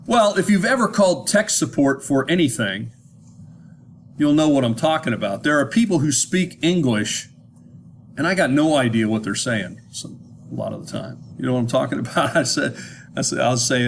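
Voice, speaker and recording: A man's voice: medium pitch, animated, moderate pace, vocal fry, slight background noise. An American man giving an informal lecture, talking conversationally and often checking whether his listeners follow, with frequent restarts. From United States.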